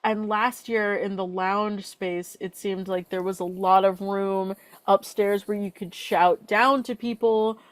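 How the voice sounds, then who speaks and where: A woman's voice: mid-range voice, fairly even intonation, dry recording. Chatty young woman podcast co-host. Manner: chatty, quick asides with filler words. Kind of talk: casual chat.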